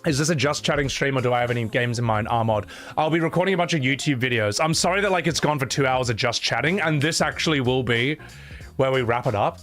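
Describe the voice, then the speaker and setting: A man's voice: mid-range voice, quick pace, fairly bright tone, faint music behind. Profane, opinionated male streamer. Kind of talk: livestream chat reading donations.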